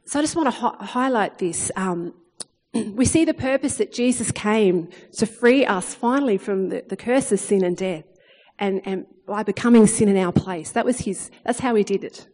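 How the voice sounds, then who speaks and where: A woman's voice: medium pitch, normal speed. Earnest woman preaching in a reverberant hall. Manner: earnest, animated when reading scripture, with fillers and restarts. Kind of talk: sermon.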